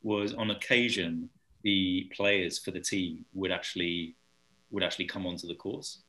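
A young man from England tells stories in a relaxed conversation, full of energy. He slips into impressions of other people as he goes. His voice sits on the low side. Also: normal speed. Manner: animated storyteller, mimics voices in anecdotes. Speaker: guest. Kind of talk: casual chat.

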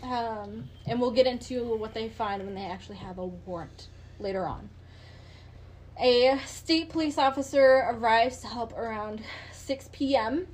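Woman podcast host, slightly high voice, loose and chatty true-crime storytelling with casual swearing. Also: measured pace, poor audio.

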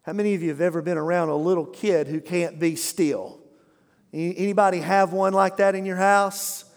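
A man's voice: high-pitched, fairly even intonation, brisk. A male pastor preaching a sermon, prompting the congregation to answer back. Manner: preaching with call-and-response prompts. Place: church sanctuary. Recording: long hall reverb.

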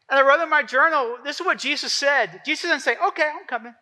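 A male pastor delivers a sermon in a high, piercingly bright voice. He preaches conversationally rather than formally, slipping into the voices of the people he quotes. The tone stays sharp and forward throughout. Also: fast talker, hardly any pauses.

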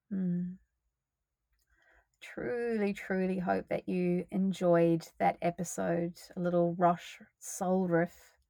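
A woman hosting her own podcast, talking solo in a loose, expressive way, swearing freely and sighing between thoughts. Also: fairly low pitch, drawn-out words, long pauses, no room sound. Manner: expressive, swears freely, breathy sighs and laughs. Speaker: podcast host. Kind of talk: casual solo podcast monologue.

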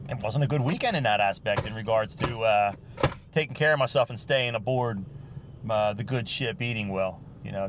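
A man's voice: a little high, a little hiss or hum. A man hosting his podcast, talking casually to himself in a car, self-mocking and laughing often. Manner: chatty, self-mocking, laughs often, bursts into playful shouts. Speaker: podcast host. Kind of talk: casual personal monologue.

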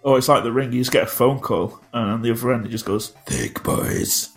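A man's voice: mid-range voice, steady tone, fast, soft background music. A man co-hosting a casual podcast, making dry asides with small chuckles. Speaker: podcast co-host. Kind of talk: casual chat.

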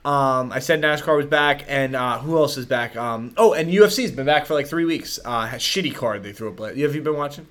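A young American man hosting a podcast, talking in a loose, animated way with lots of swearing. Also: medium pitch, a little fast, few pauses. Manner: animated, swearing, puts on silly accents. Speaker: podcast host. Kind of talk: casual chat.

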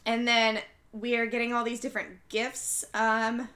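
A woman's voice: fairly high pitch, monotone, normal speed, sharp tone. A woman casually recapping a film's scenes, chatting with many fillers.

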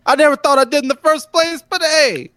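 A man's voice: extremely high pitch, fairly quick, fairly bright tone, no echo, clean studio sound. A man co-hosting a podcast in casual chat, goofy and joking, fond of putting on accents. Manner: goofy, jokey, puts on accents. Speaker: podcast co-host.

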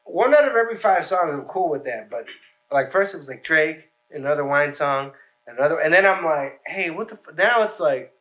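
A man's voice: on the high side, animated, normal speed, a bit bright. A man on a podcast telling long, rambling, profane stories in casual chat.

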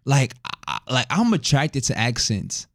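A man co-hosting a casual podcast, talking in relaxed slang and laughing often. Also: mid-range voice, unhurried, gravelly, dry recording, studio quality. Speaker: podcast co-host.

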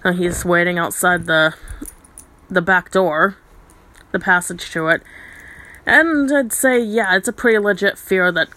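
A woman's voice: lowish voice, fairly even intonation, normal speed, pushed and bright. A woman casually retelling a fantasy story, with chatty asides and frequent ums.

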